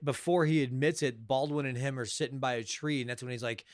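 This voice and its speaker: A man's voice: medium pitch, steady tone, fast talker, no echo, studio quality. A man co-hosting a movie podcast with casual, joking banter. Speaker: podcast co-host. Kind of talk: casual movie-review chat.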